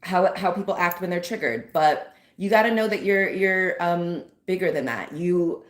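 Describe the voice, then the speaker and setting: A woman's voice: lowish voice, normal speed, reverberant. A woman hosting her own channel, talking loosely to viewers with many fillers and acted asides. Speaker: channel host. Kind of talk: casual spiritual vlog talk.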